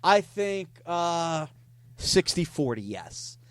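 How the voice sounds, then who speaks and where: This is a man hosting a comedy show who reads chat logs aloud with a playful, mock-dramatic flair. His voice sits fairly high and swoops up and down a lot. The sound is dry and close to the mic. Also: big pitch swings, slow pace, dry recording. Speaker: podcast host reading scam chats. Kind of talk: comic storytelling, reading chat logs aloud.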